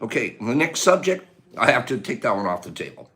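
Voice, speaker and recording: A man hosting a casual morning livestream, animated, calling out viewers by name and playfully scolding them. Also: medium pitch, brisk. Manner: animated, calls out viewers' names. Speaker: livestream host.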